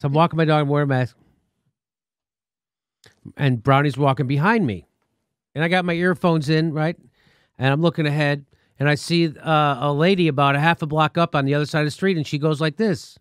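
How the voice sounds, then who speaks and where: Animated storytelling man, dry studio sound. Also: fairly high pitch, brisk, long pauses, clean tone, no room sound. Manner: animated, acts out quotes with profanity. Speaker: show host. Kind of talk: casual storytelling.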